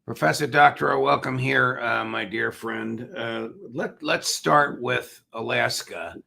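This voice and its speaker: An older man hosting a commentary interview show, asking measured, probing questions. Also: mid-range voice, gravelly, bright, forceful tone. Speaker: host.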